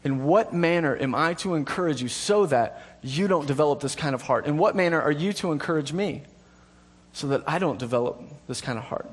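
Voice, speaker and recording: Male preacher, high-pitched, chatty and self-mocking, then earnest and repetitive for emphasis. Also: animated, fairly quick, breathy edge. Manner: conversational with self-deprecating humor and laughter. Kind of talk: sermon.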